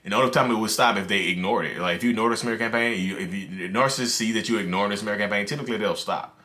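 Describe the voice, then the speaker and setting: A man, talking casually to camera as a video host, animated and ranting, with many filler words. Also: on the low side, very fast. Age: 30s. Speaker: mental health video host. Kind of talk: casual direct-to-camera talk.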